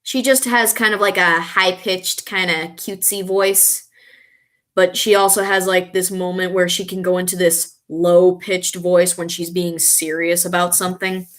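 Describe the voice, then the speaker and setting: A woman chatting casually on a live stream, reading viewer comments and reacting with excitable, frequent laughter. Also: on the low side, a little slow.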